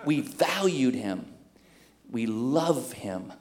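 A middle-aged man pastor telling a story in a sermon, animated and acting out the voices of the people in it. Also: mid-range voice, extremely slow, roomy sound. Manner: animated, acts out quoted voices.

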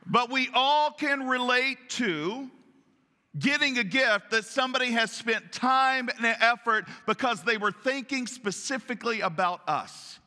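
A man preaching a sermon as pastor, in an animated, folksy way that acts out voices. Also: extremely high pitch, a little slow. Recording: long church reverb.

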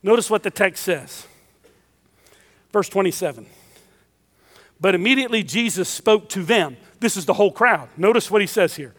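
A man's voice: sits high, expressive, moderate pace, long pauses, fairly bright tone, big-room sound. A man preaching a sermon in a church, emphatic and repeating his key phrases.

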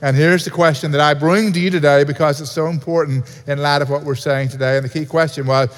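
A pastor delivering an earnest sermon in a church, repeating key points for emphasis. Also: male voice, fairly high pitch, steady tone, fast. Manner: earnest preaching with repetition. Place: church sanctuary. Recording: reverberant hall.

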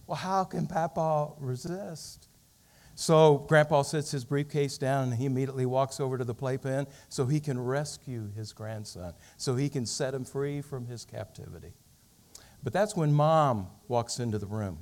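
A man's voice: mid-range voice, normal speed, a little mellow. A man preaching a sermon, telling a story and building to fervent emphasis. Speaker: pastor.

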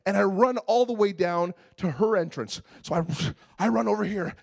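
Brief: male pastor, high voice, lively storyteller acting out his own panic mid-sermon. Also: fairly quick, creaky, few pauses. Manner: animated storytelling, acts out his own exasperation. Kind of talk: sermon with a humorous personal story.

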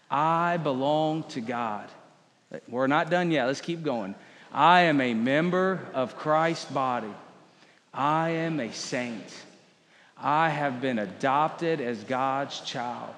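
Slow-speaking pastor in a big hall. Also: male voice, a little high, a bit bright. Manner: leads congregation in call-and-response declarations. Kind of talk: sermon.

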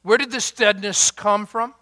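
A man preaching a sermon as pastor, emphatic and deliberate, asking the congregation rhetorical questions. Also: high voice, fairly even intonation, sharp tone, big-room sound.

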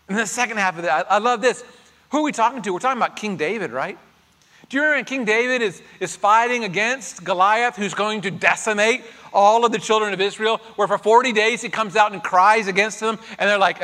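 Bright-voiced preacher in a reverberant hall. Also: male voice, high voice, lively intonation, normal speed. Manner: builds from quiet reflection to shouted emphasis. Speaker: pastor. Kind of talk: sermon.

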